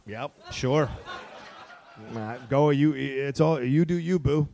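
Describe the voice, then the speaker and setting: A middle-aged man co-hosting a casual podcast, animated and teasing, swearing freely. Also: on the high side, measured pace, gravelly. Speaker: podcast co-host. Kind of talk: casual movie-ranking chat.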